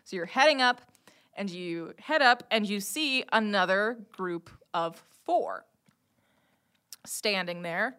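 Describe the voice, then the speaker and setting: Woman gm rambling through a tabletop scene, bright voice, lots of ums. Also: medium pitch, expressive, slow, clear, resonant tone. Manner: loose, rambling narration with fillers and laughs. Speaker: game master. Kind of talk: narrating a tabletop game.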